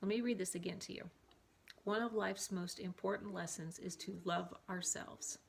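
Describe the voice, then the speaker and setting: A woman vlogger reads self-help affirmations to camera, repeating them, then wanders into chatty, rambling asides, recorded on a camera mic. Her medium-pitched voice is steady, gravelly, and breathy-edged at a moderate pace.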